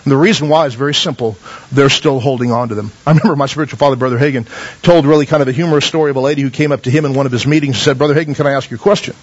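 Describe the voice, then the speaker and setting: A man's voice: medium pitch, very fast, dull audio. A man preaching a sermon as pastor, calling out for amens and telling folksy stories.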